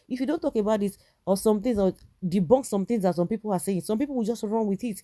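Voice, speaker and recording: A woman's voice: medium pitch, quick pace, hardly any pauses, warm tone. A woman with a Nigerian accent giving indignant political commentary, firing rhetorical questions and restarting her sentences.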